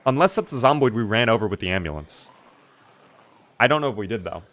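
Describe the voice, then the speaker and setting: A man's voice: fairly low pitch, expressive, fast talker, fairly bright tone. A man streaming a game live, chatting casually and answering his chat as he plays.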